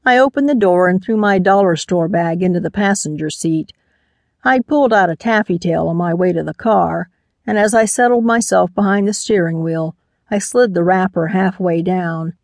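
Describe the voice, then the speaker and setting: A woman's voice: fairly low pitch, normal speed, darkish tone, no echo, studio quality. Woman narrating a first-person mystery. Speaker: audiobook narrator.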